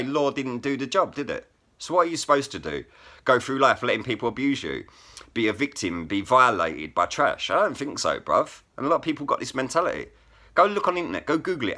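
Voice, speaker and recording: Forceful, sharp-voiced man ranting. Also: mid-range voice. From England. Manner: blunt, heavily profane, repeats "bruv" and "innit". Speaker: vlogger and rap poet. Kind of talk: angry to-camera rant.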